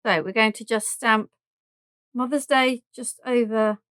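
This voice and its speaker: A woman's voice: fairly high pitch, a little slow, fairly bright tone, clear, resonant tone, no echo. A woman with a southern English accent chatting through a live craft demonstration, thinking aloud and joking at her own mess as she works. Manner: chatty and self-deprecating, thinking aloud while working.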